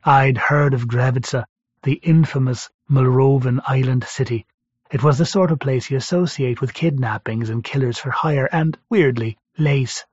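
A man's voice: mid-range voice, normal speed, husky, dry recording. A man narrating a first-person story as an audiobook narrator, in a dry conversational storytelling manner. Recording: dull lo-fi recording.

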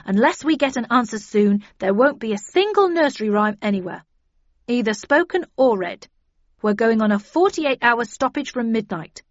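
A woman's voice: on the high side, animated, normal speed, dry recording, natural voice. A woman voicing a stubborn male union leader who speaks firmly and threateningly. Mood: defiant. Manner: firm, threatening. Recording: dull dry lo-fi audio.

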